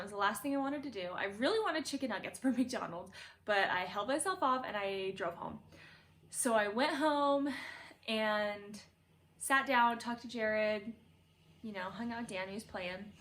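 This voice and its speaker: A woman's voice: a little high, fairly bright tone. A young woman casually telling a birth story from her bedroom, chatty and laughing, full of "like".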